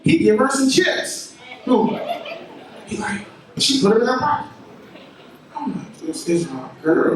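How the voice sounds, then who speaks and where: A man doing crude, animated stand-up comedy, jumping into high-pitched voices for the people in his stories. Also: unhurried, long pauses. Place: comedy venue with audience. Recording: far-off roomy live crowd recording.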